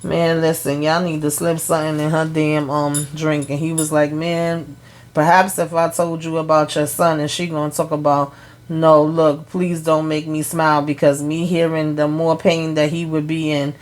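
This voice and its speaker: A woman talks through a TV episode in a casual vlog. Her voice sits on the low side for a woman. She retells the scenes with quoted lines and is blunt and profane. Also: flat delivery, normal speed. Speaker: TV show recap host.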